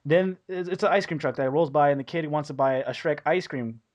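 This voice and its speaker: A man's voice: a little high, brisk, lo-fi sound. A young man co-hosting a casual podcast over a voice call, reading crude internet stories aloud and breaking into giggles. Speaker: podcast co-host.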